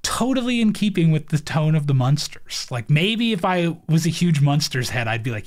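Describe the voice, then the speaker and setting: A man with a fairly high voice talks through a movie review in loose, casual podcast chat. He rambles, scatters "like" everywhere and laughs at his own points. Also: big pitch swings, normal speed, few pauses. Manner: rambling, heavy use of "like", laughs often. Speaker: podcast co-host.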